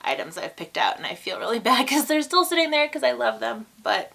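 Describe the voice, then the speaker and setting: A woman of about thirty chatting casually to camera as a vlogger, bubbly, with quick asides. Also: on the high side, sing-song, gravelly, pushed and bright.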